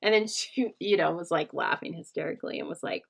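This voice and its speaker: A woman's voice: fairly low pitch, fairly quick, gravelly, husky. A middle-aged woman hosting a casual craft livestream, chatting with viewers in a rambling way and laughing often. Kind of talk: casual craft demo chat with live viewers.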